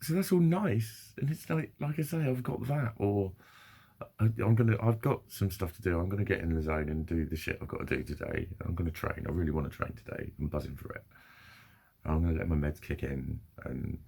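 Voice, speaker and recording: A man's voice: low voice, a little fast, vocal fry, mellow, husky. A man vlogging in a rambling, sweary, self-deprecating monologue. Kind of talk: casual monologue.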